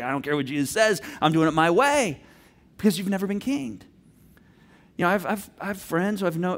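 Animated high-voiced man preaching. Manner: animated storytelling, acts out voices of himself and his daughter. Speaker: pastor. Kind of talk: sermon.

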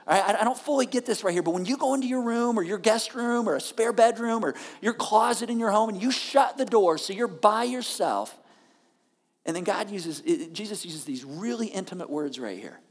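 A woman's voice: medium pitch, animated, a little fast, husky, big-room sound. A woman pastor preaching a sermon on a church stage, talking in a conversational way with frequent check-ins to the listeners.

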